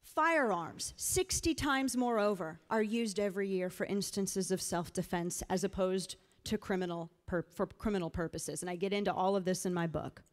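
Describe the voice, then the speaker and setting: A woman's voice: mid-range voice, normal speed, hardly any pauses. A middle-aged woman from the Missouri Ozarks giving an emphatic, storytelling speech at a political rally in a large event hall. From rural Missouri Ozarks. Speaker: political speaker. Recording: live hall with long reverb.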